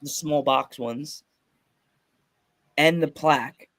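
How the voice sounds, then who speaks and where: Excitable man with a slightly high voice. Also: takes it slowly, dry recording. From Pennsylvania, USA. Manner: excited storytelling, laughs often. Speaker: podcast host. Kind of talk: casual podcast chat.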